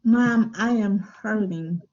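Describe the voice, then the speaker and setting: A woman's voice: mid-range voice, slow, a little mellow. A woman playing an adult daughter in a role-play, speaking hesitantly and repeating words. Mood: pleading. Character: adult daughter pleading to care for her child. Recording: muffled lo-fi recording.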